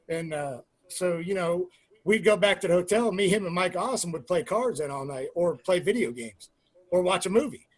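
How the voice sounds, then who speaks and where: A man's voice: high voice, moderate pace. A middle-aged man who used to wrestle, telling swearing-heavy locker-room stories in a casual interview. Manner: profane, animated storyteller, acts out quotes; trailing fillers and restarts. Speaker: interview guest, former pro wrestler. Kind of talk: casual storytelling.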